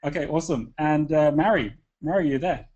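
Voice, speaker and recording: A man hosting a live online call, upbeat and chatty, often pausing with fillers and restarting sentences. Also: fairly high pitch, a little mellow, highs cut off. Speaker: webinar host.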